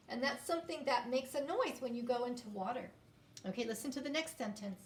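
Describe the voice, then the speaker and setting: A woman teaching a phonics lesson to young children, sounding words out slowly and inviting them to repeat after her. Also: a little high, reverberant, distant mic. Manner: slow, drawn-out sounding out of words.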